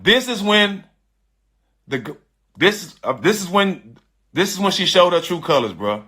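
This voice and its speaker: Man, middle-aged, casual storytelling, slangy and emphatic, bright forceful voice, higher pitch. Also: moderate pace, slightly rough. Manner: animated, emphatic, slangy, repeats phrases. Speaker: storyteller on a live stream.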